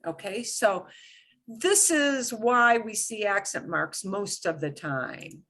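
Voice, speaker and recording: A woman teaching a beginners' Spanish class, explaining with emphatic, animated bursts. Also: takes it slowly. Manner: animated, emphatic explaining with sudden high exclamations. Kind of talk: live classroom lesson.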